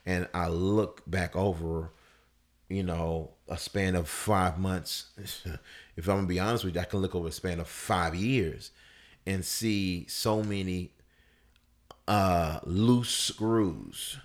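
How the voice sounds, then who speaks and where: A man in casual conversation telling a personal story, loose and full of fillers, his voice leaping high when he acts out people shouting. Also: unhurried. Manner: animated storyteller, voice jumps up high for quoted shouts. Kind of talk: casual chat.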